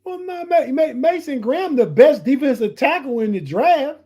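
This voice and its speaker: High-pitched guy on a sports podcast, trips over his words a lot, low music in the back. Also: animated, moderate pace, a little mellow. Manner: stammering, repeats words. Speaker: podcast co-host. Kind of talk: casual sports chat.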